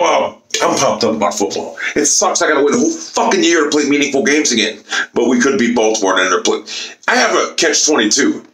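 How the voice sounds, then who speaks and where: A man's voice: medium pitch, a bit bright. Swearing man ranting in an echoey room. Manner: profane, boastful, repetitive ranting. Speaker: YouTuber. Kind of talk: football rant to camera.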